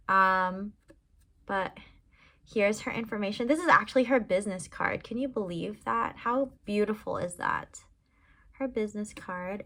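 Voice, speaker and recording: A woman's voice: a little high, pushed and bright. A young woman talking casually in her own vlog, chatty and upbeat, with lots of fillers. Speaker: vlogger and crochet seller.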